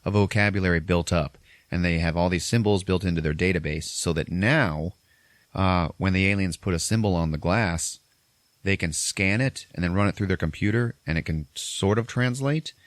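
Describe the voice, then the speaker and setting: A man hosting a podcast, casually retelling a film's scenes, swearing freely and slipping into quick voices for the characters. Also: low-pitched, no echo. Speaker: podcast host. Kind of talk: casual movie recap.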